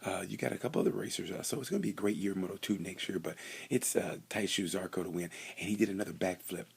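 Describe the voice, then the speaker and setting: A man's voice: sits low, fairly even intonation, fast talker. A young man rambling through a casual, joking race review, often stumbling and restarting. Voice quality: gravelly, husky.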